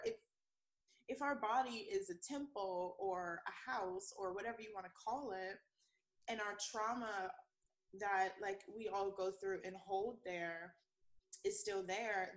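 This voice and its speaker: A woman's voice: mid-range voice, poor audio. A young woman chatting casually on a podcast, rambling through her thoughts with lots of fillers and frequent laughter.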